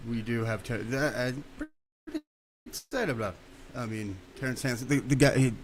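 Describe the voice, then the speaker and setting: A man's voice: medium pitch, sing-song, moderate pace. Laughing, groaning male radio co-host. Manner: laughing, groaning at jokes, hyping up a guest. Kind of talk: casual radio banter.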